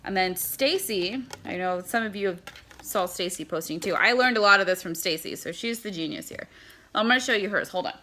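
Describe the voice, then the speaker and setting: A woman's voice: medium pitch, expressive, a little fast, sharp tone. A woman giving a casual how-to demonstration, chatting as she packs and handles mail. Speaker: product seller.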